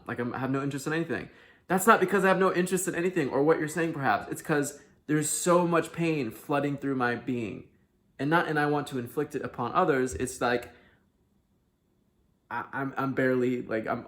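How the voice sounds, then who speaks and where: A man hosting a self-help video, talking candidly to the camera, swinging between hushed sincerity and loud, emphatic outbursts and swearing freely. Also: medium pitch.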